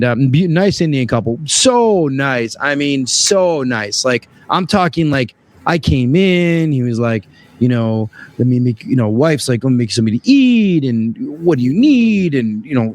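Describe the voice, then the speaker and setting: A man telling a story casually on a podcast, acting out the people in it with big jumps in his voice. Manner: animated, acts out voices with big pitch jumps. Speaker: HVAC sales rep telling a story.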